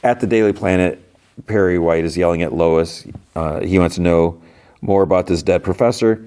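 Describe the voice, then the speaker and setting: Male podcast host, deep voice, loose casual recap, lots of filler and restarts. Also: moderate pace, warm tone, smooth. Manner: rambling, full of "like" and "you know", frequent restarts.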